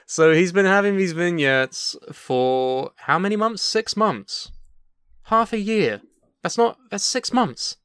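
Teasing sarcastic man, smooth dry voice. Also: high-pitched, expressive, measured pace, hardly any pauses, a bit bright, no echo. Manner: teasing, sarcastic, swears freely. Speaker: podcast co-host. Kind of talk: casual comedic wrestling news chat.

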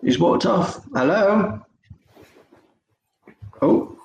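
A podcast co-host with a high, expressive voice and vocal fry speaks very slowly, teasing and laughing often in a casual chat. The room is echoey, with faint noise.

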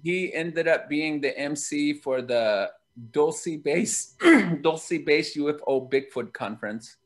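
A man telling a story as an interview guest, lively and laughing as he goes. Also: a little high, slow. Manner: lively, laughs while telling, acts out quoted voices. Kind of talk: animated storytelling.

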